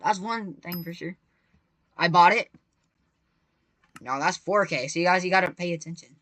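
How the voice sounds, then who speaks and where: An excitable gaming creator giving live gameplay commentary, chatty and repetitive, constantly talking to viewers and bursting into shrieks when startled. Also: medium pitch, moderate pace, no echo. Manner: repetitive, chatty, playful slang.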